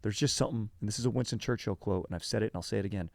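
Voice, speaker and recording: A man's voice: fairly low pitch, rapid-fire, vocal fry, no echo. A man hosting a podcast, telling a history story in a rambling, slangy, casual way full of fillers. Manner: rambling, filler-heavy, slangy, says dude and bro.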